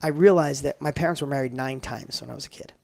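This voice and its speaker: A man's voice: mid-range voice, quick pace, gravelly, a little mellow, no room sound. A middle-aged man telling a personal story as a guest in an interview, emphatic and building up with repeated phrases. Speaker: guest entrepreneur.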